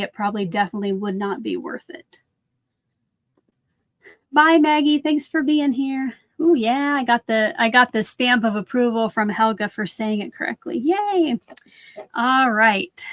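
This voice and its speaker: Woman host for a craft livestream, a bit high-pitched, close and dry sound, loose chatty delivery. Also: a bit bright, no echo. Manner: chatty, answers viewer comments, frequent "like" fillers. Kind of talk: casual live chat while crafting.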